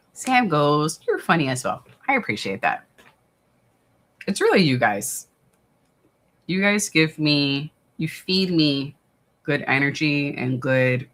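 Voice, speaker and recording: A chatty livestream host from the New York area who talks in loose, rambling runs, full of "um" and restarts. The voice sits at an ordinary middle pitch, and the delivery stays casual and unhurried, like someone reading out viewer comments on a desktop streaming mic at home. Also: a bit bright. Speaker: livestream watch-party host.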